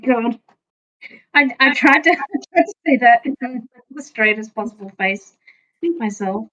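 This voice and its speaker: Give me a slow, stammering woman player on a muffled mic. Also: fairly high pitch, a bit bright. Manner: halting, stammering. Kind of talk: casual tabletop play. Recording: dull lo-fi mic.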